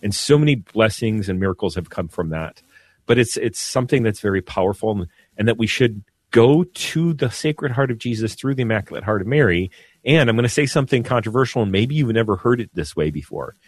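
A man's voice: fairly low pitch, expressive, brisk, husky, dry recording. A man, a Catholic priest, speaking earnestly on a radio talk show and giving a blessing, with frequent repeated words.

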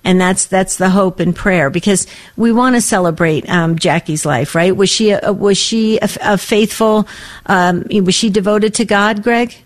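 A woman co-hosting a faith-based call-in radio show, speaking in a gentle, encouraging way to a caller. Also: medium pitch, a little slow.

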